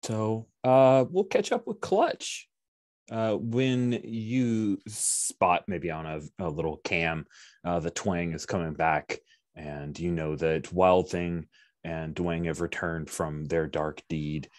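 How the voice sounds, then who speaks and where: A man's voice: deep voice, slow, no room sound, clean studio sound. A man narrating a tabletop game as game master, chatty and enthusiastic.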